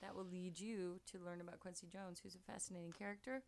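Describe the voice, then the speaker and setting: A woman co-hosting a podcast in casual chat, playful and quick to jump from one topic to the next. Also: on the low side, fairly even intonation, creaky. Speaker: podcast co-host.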